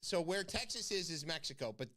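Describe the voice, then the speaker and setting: A man's voice: fairly high pitch, lively intonation, fairly quick, bright, forceful tone. A man hosting a comedic news talk show, giggling and rambling as he goes. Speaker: host.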